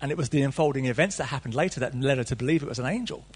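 A man's voice: mid-range voice, rapid-fire, breathy edge. A middle-aged man preaching a sermon, reading scripture and then riffing on it with playful, conversational asides.

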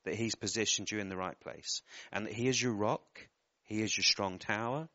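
A man's voice: on the low side, moderate pace, bright, forceful tone, no echo, dull audio. A man preaching a sermon, giving earnest personal words to people in the congregation and often breaking off with apologetic asides.

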